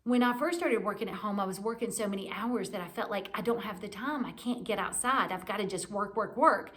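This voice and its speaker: A woman in her forties speaks in a candid, reflective way. She is giving a personal devotional talk for a church and gently encourages her listeners. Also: medium pitch.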